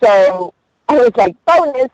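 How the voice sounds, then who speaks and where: An Australian woman, a voice actress and comedian, chatting in an animated, storytelling way in an interview. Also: fairly low pitch, normal speed. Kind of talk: casual interview chat. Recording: dull lo-fi recording.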